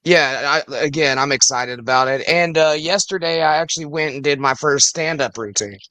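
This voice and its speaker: A laid-back man chats as a guest on a live stream, swearing easily and calling everyone man. His voice is bright and a touch high, recorded dry and close. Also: moderate pace, no echo. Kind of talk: casual chat.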